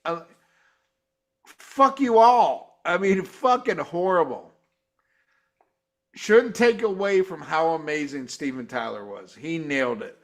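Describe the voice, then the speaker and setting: A man with a high-pitched voice hosts a loose review chat, swearing hard and getting worked up. He talks in bursts of excitement and disbelief. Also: a little slow. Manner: profane, excitable, mimics guitar sounds. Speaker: show host. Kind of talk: casual live-stream review chat.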